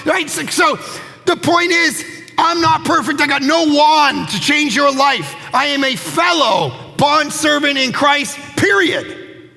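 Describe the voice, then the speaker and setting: A pastor in his thirties or forties preaching a lively sermon, telling self-mocking stories and acting out other people's voices. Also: very high voice, unhurried, creaky. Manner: animated, self-mocking storytelling; acts out quoted voices. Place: church auditorium. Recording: long hall reverb with faint music.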